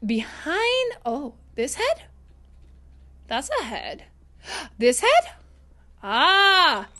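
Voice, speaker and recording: Woman streamer, squeaky and excitable, high bright voice, live game commentary. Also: drawn-out words. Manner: excitable, chatty, talks to chat.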